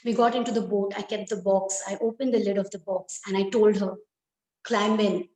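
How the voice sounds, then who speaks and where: A woman telling a dramatic first-person story in a slow, deliberate, expressive way. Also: mid-range voice. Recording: echoey room.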